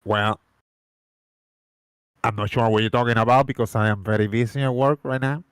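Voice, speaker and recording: A man's voice: mid-range voice, fairly even intonation, normal speed, clear, resonant tone, no room sound, studio quality, close to an everyday voice. A man putting on a nasal voice to imitate a busy, distracted man who brushes off questions. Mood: dismissive.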